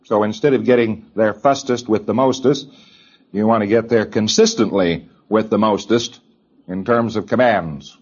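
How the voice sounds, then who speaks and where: A man with a somewhat low voice gives a lecture to trainees, hammering his points home through repetition. He slips into quick mimicry of hesitant speakers along the way. The sound is dull and lo-fi, like an old lecture tape. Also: darkish tone, breathy edge. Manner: emphatic, repeats phrases, mimics hesitant people.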